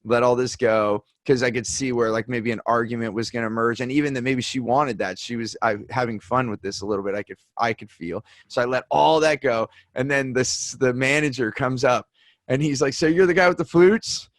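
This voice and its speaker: A man hosting a podcast, chatting casually and telling animated stories, acting out the people he quotes. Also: mid-range voice, brisk, dry recording, studio quality. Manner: animated storyteller, acts out quoted voices. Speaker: podcast host. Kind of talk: casual conversation, storytelling.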